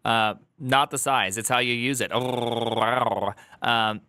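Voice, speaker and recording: A man reacting to a video on a live stream, rambling with restarts and loud joking asides. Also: mid-range voice, fairly even intonation, slow pace, dry recording.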